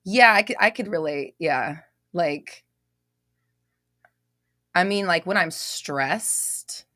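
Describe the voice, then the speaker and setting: Woman, young adult, live stream host, casual chat, energetic, swears casually, lowish voice, dry sound. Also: creaky, no echo. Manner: loud, expressive, laughs often, swears casually.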